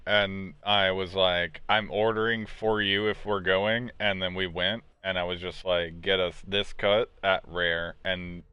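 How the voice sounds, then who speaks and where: A man's voice: deep voice, bright, forceful tone, smooth, no echo. A man hosting a casual podcast, answering viewer questions bluntly and swearing freely. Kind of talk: casual chat. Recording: dull, muffled recording.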